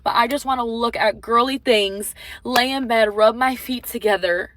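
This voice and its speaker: Woman vlogging, relaxed and chatty, kinda high voice. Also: moderate pace, slight background noise. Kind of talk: casual vlog chat.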